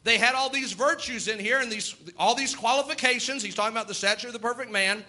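A man's voice: extremely high pitch, fast talker, pushed and bright. A middle-aged man, preaching a sermon in an emphatic, rising and falling cadence.

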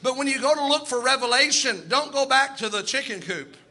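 A man's voice: very high voice, brisk, pushed and bright. A male pastor preaching a sermon to his church in an emphatic, conversational way, with asides and restarts.

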